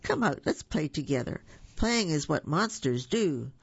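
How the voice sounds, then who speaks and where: A woman voicing a kind, friendly young male monster in a storybook reading, with a husky voice and a cheerful, coaxing manner. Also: low-pitched, big pitch swings, unhurried, no echo, lo-fi sound, exaggerated voice. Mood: kindly.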